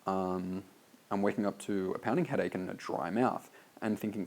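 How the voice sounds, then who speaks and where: Gravelly, low-voiced Australian man. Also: fairly even intonation, moderate pace, darkish tone. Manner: loose and casual, heavy on "like", swears freely. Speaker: copywriter reviewing a sales letter. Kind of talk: reading aloud and critiquing his own copy.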